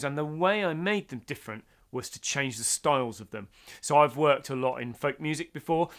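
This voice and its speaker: A man's voice: fairly high pitch, a bit bright. A middle-aged man from the UK giving a casual songwriting lesson, chatty with self-deprecating asides. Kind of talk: casual instructional talk.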